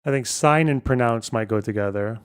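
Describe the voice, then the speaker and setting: A man's voice: mid-range voice, a little fast, clean tone. A man hosting a casual livestream, thinking aloud and muttering over a word puzzle, swearing now and then. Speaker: livestream host.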